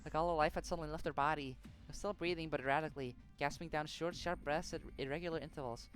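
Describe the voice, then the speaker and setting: Fast, low-voiced woman reading a game aloud. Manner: quick, expressive reading with emotional reactions. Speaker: streamer. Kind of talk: reading a visual novel aloud on stream. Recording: game music behind.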